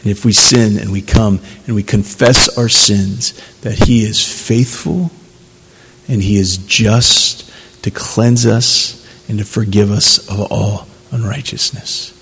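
A man's voice: on the low side, steady tone, slow pace, fairly bright tone, long reverb tail, a little hiss or hum, poor audio. A man preaching a sermon, earnest and conversational, building to emphatic passages. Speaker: pastor.

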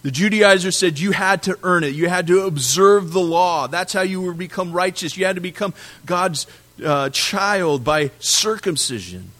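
A man with a somewhat high voice delivers a sermon to his congregation. He preaches with animation, hitting words hard and then letting them fall quiet. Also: moderate pace. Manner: animated preaching, swinging from loud emphasis to quiet drops. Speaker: pastor.

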